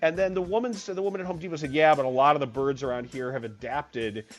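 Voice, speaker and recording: A comic storyteller ranting in an exasperated, animated way and acting out each voice in the story. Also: medium pitch, fast talker, soft background music.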